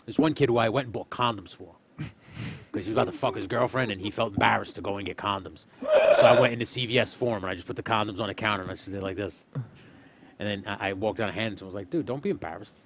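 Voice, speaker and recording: A man's voice: fairly low pitch, fast talker, noisy background. A man casually telling a rowdy story, swearing and acting out every line of dialogue.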